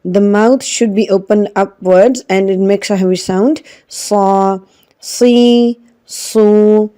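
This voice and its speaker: During a slow online Quran reading lesson, a woman patiently drills and repeats each syllable. She speaks at a moderate pace in a dark-toned, mid-range voice.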